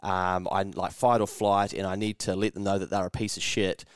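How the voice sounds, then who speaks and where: A man's voice: low voice, level tone, moderate pace, clear, resonant tone, no echo, clean studio sound. A man with a New Zealand accent co-hosting a podcast, telling stories in casual chat, swearing freely and acting out other people's voices. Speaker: podcast co-host.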